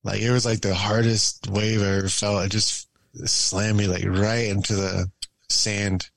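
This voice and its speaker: Young guy rambling through a story, low gravelly voice, dry close sound. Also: measured pace, no room sound, poor audio. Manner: relaxed rambling storyteller with many fillers and laughs. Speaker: podcast guest. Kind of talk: casual storytelling chat.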